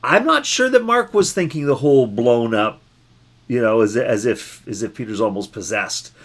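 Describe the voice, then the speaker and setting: A man, a pastor, giving a daily Bible reflection in an unhurried, musing way, often restarting and repeating words as he thinks. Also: medium pitch, lively intonation, a bit bright.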